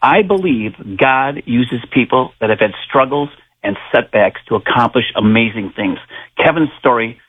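A middle-aged man from northern Wisconsin calling into a radio show, earnest and measured, reading prepared remarks. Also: mid-range voice, expressive. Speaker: caller. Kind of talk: call-in radio comment. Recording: gravelly voice over tinny phone line.

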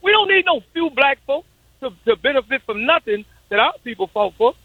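A stubborn, insistent man calling into a talk show over a tinny phone line. He talks fast with a high, lively, animated voice, and his sound is dry and thin. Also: no echo. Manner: insistent, stubborn, repeats himself. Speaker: caller. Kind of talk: call-in talk radio.

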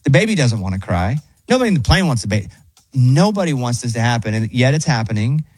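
A man's voice: medium pitch, very animated, fast talker, darkish tone, husky, no room sound. A man hosting a radio show, telling a rambling, self-deprecating story in casual on-air chat.

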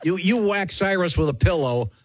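A man's voice: high-pitched, lively intonation, moderate pace, dry recording. A man co-hosting a casual advice chat show, joking and rambling with restarts. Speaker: co-host.

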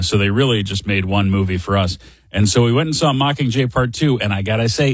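A man's voice: on the low side, no room sound. A middle-aged man hosting a show, telling a casual story in a chatty, wry, self-deprecating way. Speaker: radio show host.

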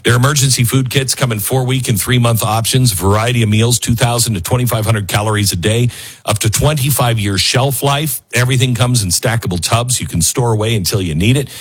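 A man's voice: medium pitch, brisk, slightly rough. A man hosting a talk radio show, rambling and self-mocking as he reads ads and reacts to headlines. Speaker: radio host.

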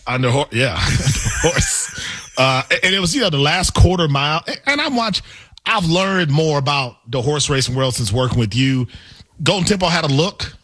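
A man co-hosting a sports radio show, animated and playful in casual banter. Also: on the high side, moderate pace, slightly rough.

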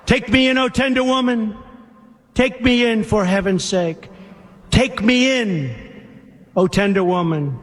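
A man's voice: sits high, a little slow, pauses often, big-room sound. A man voicing a sly, vicious male snake in a poem, with a sing-song, wheedling repetition. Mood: pleading.

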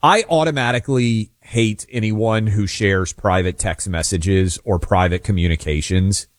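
A man's voice: lowish voice, a little slow, no room sound, studio quality. A man co-hosting a political talk radio show, giving his views assertively and speaking straight to listeners. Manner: opinionated, assertive, addresses listeners directly.

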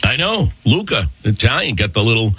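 A man's voice: medium pitch, big pitch swings, brisk, sharp tone, husky, dry recording. A man hosting casual morning radio chat, joking and bantering with a guest.

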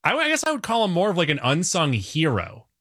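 A man with a slightly high, bright voice gives firm, joking opinions about a film's cast. He is recorded dry and close, like in a radio studio. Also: wildly swooping pitch, a little fast, no room sound. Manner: emphatic, jokey opinions. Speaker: radio podcast co-host. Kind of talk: casual movie review chat.

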